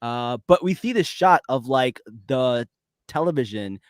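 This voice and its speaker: Animated, laughing man on a podcast. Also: medium pitch, measured pace, no echo, studio quality. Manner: laughs often, enthusiastic and rambling. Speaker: podcast co-host. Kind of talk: casual pop-culture podcast chat.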